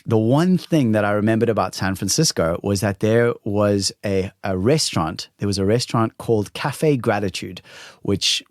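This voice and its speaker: A man in his thirties hosting a solo podcast, telling a personal story in an animated, excited way and acting out the dialogue. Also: fairly low pitch, no echo, studio quality. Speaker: podcast host.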